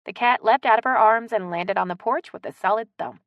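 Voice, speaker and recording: A woman reading a romance audiobook aloud in an expressive narrating style. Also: fairly high pitch, brisk, no echo, muffled recording. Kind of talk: scripted narration.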